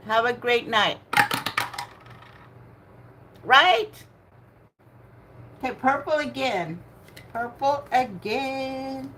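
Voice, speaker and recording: Older woman, livestream bingo host, slow chatty talk, laughs a lot, slightly high voice. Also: fairly bright tone, a little hiss or hum. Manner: chatty, laughs often, greets viewers by name. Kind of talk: casual live chat.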